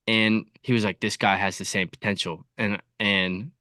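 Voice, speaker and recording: A man's voice: on the low side, little pitch movement, normal speed, sharp tone, no room sound, studio quality. A man guesting on a podcast, telling his story in an easygoing way with lots of likes and you-knows. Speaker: podcast guest, content creator. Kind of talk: casual interview.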